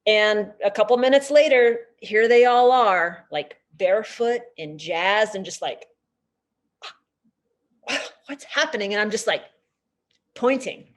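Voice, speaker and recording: A woman nature educator giving a storytelling lecture, animated and chatty with lots of casual fillers. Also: medium pitch, unhurried.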